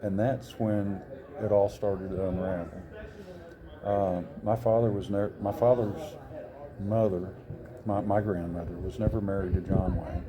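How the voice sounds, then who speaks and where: His low voice is flat and unhurried as this interview guest in his sixties shares a personal story. He's earnest but rambling, frequently correcting himself, while crowd chatter carries on behind him.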